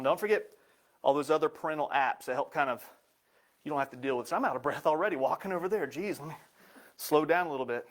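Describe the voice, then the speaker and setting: A man's voice: on the high side, animated, brisk. A man giving a live presentation in an upbeat, joking way.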